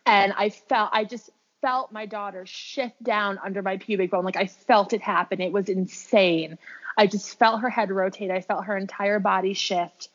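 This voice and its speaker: A woman's voice: mid-range voice, fairly even intonation, normal speed. Chatty woman telling a personal story. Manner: chatty, heavy use of "like" and "um". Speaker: podcast guest sharing her birth story; birth worker with clients. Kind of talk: casual storytelling. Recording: dull lo-fi recording.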